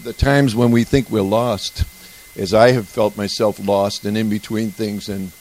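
A man's voice: on the low side, steady tone, a little slow, a little mellow, low-quality recording. A man sharing a personal story at a recovery group meeting, speaking in a rambling, conversational way with restarts. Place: retreat meeting room.

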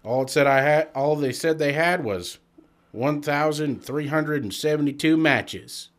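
A man co-hosting a podcast, delivering puns in a dry, deadpan way in casual chat. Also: fairly high pitch, measured pace. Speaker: podcast co-host.

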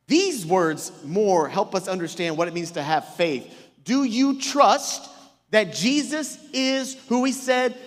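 In a large hall, a man with a high, fairly bright voice preaches from a church auditorium stage as senior pastor. Sounding a bit ill and strained, he mixes emphatic call-and-response questions with joking asides.

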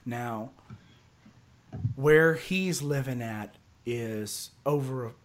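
A man's voice: mid-range voice, drawn-out words. Man rambling through a story. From Houston area, Texas. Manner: rambling, repeats words, acts out others' lines. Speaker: podcast guest telling a story. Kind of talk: casual storytelling.

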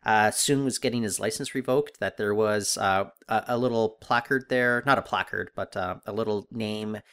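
A man co-hosting a casual podcast, griping in a wry, animated way with many fillers. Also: on the low side, moderate pace, smooth. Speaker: podcast co-host. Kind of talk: casual discussion of a TV episode.

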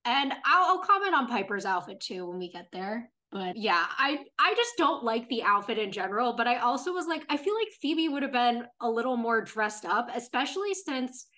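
A woman co-hosting a podcast speaks at normal speed with few pauses, her voice fairly high, sing-song, bright and forceful. She casually recaps a TV episode, retelling scenes at length and reading out the characters' lines.

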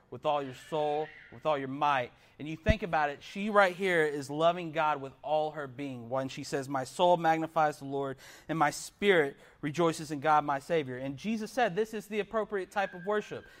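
Earnest and questioning, a young man preaches to his congregation in a voice that is on the high side with a fairly bright tone.

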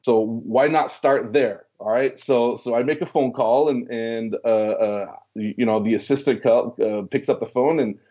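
A man's voice: mid-range voice, moderate pace, few pauses, muffled recording. A man in a casual interview, telling a long story from his past, stumbling over repeated words and acting out the dialogue. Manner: animated storyteller, many restarts and repeated words, acts out quoted dialogue.

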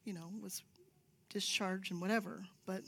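A woman's voice: medium pitch, fairly even intonation, normal speed, creaky, a bit bright. A woman giving a sermon-style talk in church, telling stories and sometimes dropping to a whisper for emphasis. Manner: storytelling, drops to a whisper for emphasis. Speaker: church speaker. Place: church sanctuary.

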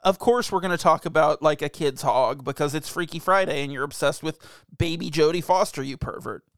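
A man's voice: a little high, fairly quick, a bit bright, dry recording. A man co-hosting a podcast, chatting casually with crude, joking banter. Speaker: podcast co-host. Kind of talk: casual chat.

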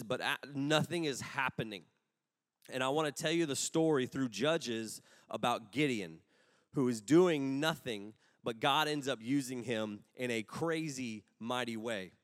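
A man's voice: medium pitch, clean studio sound. A young adult man preaching a sermon, telling personal stories in a casual, humorous way with rambling asides. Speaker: pastor. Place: large room with an audience. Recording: long hall reverb.

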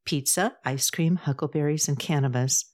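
A brash, teasing, hard-drinking woman friend from a spoken storybook, full of blunt jokes and playful jabs, as a woman reader puts her on. The voice sits low for a woman. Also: moderate pace, a little mellow. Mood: joking.

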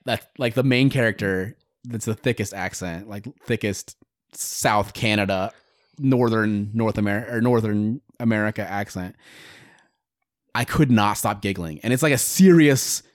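A man's voice: lowish voice, unhurried, no echo, clean studio sound. A man co-hosting a podcast in casual chat, telling crude stories animatedly with voiced quotes. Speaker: podcast co-host.

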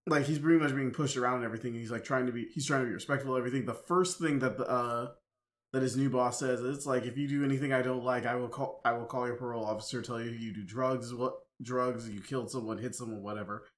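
Podcast co-host, man, halting and rambling, casual film talk. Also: medium pitch, steady tone. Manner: halting, many restarts and fillers. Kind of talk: casual movie discussion.

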